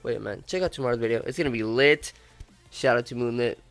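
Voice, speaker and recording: A young man's gameplay commentary, stuffy from being sick, loose and chatty, breaking into loud cursing when a race goes wrong. Faint music plays underneath his voice. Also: medium pitch, fast talker, vocal fry, no echo. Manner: swearing, animated outbursts at the game. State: sick, congested. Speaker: gaming YouTuber. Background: faint background music.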